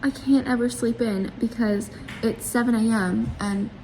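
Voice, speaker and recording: A tired young woman from British Columbia, short on sleep, chats to camera in a casual vlog, rambling with frequent "like"s and restarts. Her voice sits on the high side with a steady tone, a measured pace and a little mellowness, plus a little hiss or hum.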